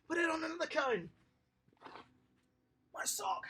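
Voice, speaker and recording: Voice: medium pitch, measured pace, vocal fry, slightly rough. Upbeat kids' tennis coach. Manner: lively, encouraging, praising the children. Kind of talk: home tennis lesson for young children.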